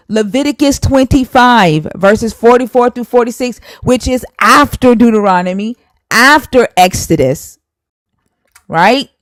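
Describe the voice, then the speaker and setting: A woman's voice: medium pitch, measured pace, no echo, rough recording. A woman hosting a live stream, arguing heatedly and scolding a viewer while citing scripture verses. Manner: emphatic, scolding, cites scripture.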